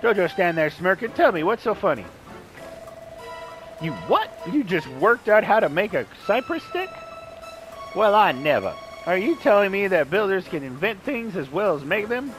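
Over game music, a man voices a cocky, mocking male skeleton sailor in a put-on American Southern accent, taunting and brash with a cackling laugh. His voice is high-pitched with big pitch swings, a moderate pace and a bit of brightness, and the audio is poor.

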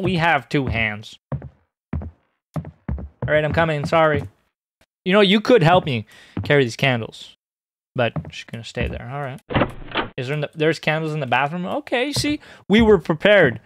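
A young man streaming a horror game, joking and excitable, bursting into high squeaky outbursts. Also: noisy background. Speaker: gaming streamer.

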